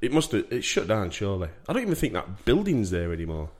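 Yorkshire bloke on a podcast, lowish voice, chatty and jokey. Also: male voice, wildly swooping pitch, fast, a little mellow, husky. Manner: jokey, rambling storyteller with frequent laughs. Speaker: podcast host. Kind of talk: casual chat.

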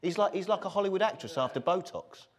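A man's voice: high voice, lively intonation, fast, very noisy. A man who is a comedy guest on a panel, wry and sardonic, piling up mocking comparisons. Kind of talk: comic panel banter. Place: studio with live audience.

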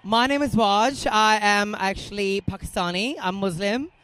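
A man from Denmark in a street interview, rambling warmly in loosely phrased English. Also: sits high, moderate pace, smooth. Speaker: dancer, parade attendee.

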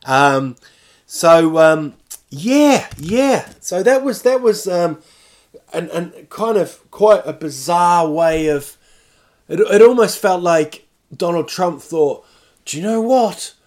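A man's voice: fairly high pitch, expressive, takes it slowly, a little mellow. A man rambling in casual, self-mocking chat as a podcast host, talking from home while recovering from illness.

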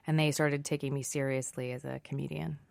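Middle-aged woman, low voice, chatty and self-mocking, dry close mic. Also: fairly quick, gravelly, dry recording. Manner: animated, self-deprecating, laughs often. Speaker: guest, Broadway actress. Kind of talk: casual interview chat.

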